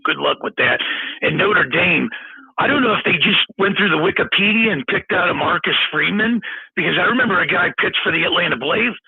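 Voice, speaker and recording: A man's voice: a little high, gravelly, husky, no room sound. A man giving blunt, opinionated takes in casual sports talk, heard over a remote call. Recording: dry, tinny phone-like line.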